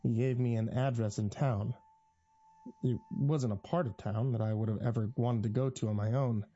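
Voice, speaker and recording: A man narrating a first-person horror story in a tense, measured way. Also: medium pitch, fairly even intonation, warm tone, dull audio.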